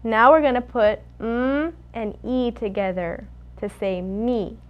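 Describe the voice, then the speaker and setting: A young woman with a fairly high voice, working as a student clinician as she walks through a speech therapy drill. She coaches patiently, cueing sounds one at a time and answering each attempt with quick praise. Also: lo-fi sound. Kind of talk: demonstrating a speech therapy session.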